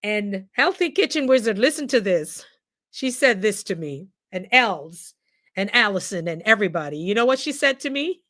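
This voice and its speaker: A woman, a nurse and coach, hosting a casual live stream and talking straight to her viewers with lively, frequent laughter. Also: mid-range voice, normal speed. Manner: animated, laughs often, speaks straight to viewers. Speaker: host. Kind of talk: casual livestream talk to viewers. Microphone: computer mic on a live stream.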